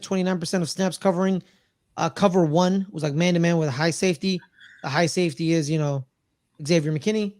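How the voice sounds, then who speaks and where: A man co-hosting a casual sports podcast, rambling and excitable, often repeating himself. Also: a little high, no echo. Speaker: podcast co-host.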